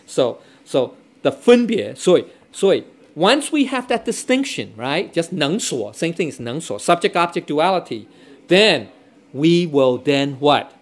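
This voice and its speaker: Guy teaching dao classics, kinda high voice, says right? okay? constantly, drops into chinese. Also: sing-song, a little slow. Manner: repeats himself, checks in with "okay? right?"; switches between English and Chinese readings. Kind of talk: informal scripture lesson.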